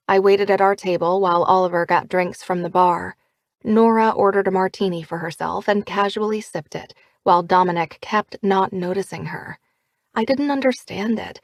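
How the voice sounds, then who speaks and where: A woman narrating a first-person audiobook in a lively, expressive way. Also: mid-range voice, moderate pace, no echo, studio quality.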